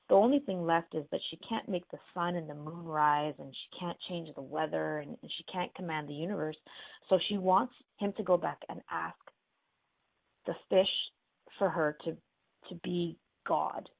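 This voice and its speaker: Chatty, gravelly-voiced woman host. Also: lowish voice, normal speed, no echo. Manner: chatty, lots of "like" and "you know". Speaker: radio show host. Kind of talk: casual fairy-tale retelling. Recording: dry, tinny phone-like line.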